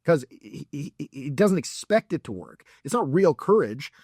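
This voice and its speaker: A man's voice: fairly high pitch, sing-song, moderate pace, darkish tone, breathy edge, no room sound, clean studio sound. A man giving blunt, profane dating advice as a coach. He talks in a mocking way and acts out examples in put-on voices.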